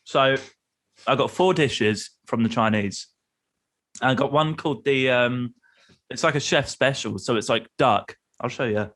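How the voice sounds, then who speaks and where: A man's voice: mid-range voice, measured pace, fairly bright tone. A man from the United Kingdom, a guest on a casual podcast, telling stories chattily and acting out the dialogue. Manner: chatty storyteller, acts out dialogue, laughs a lot. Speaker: podcast guest, travel group leader.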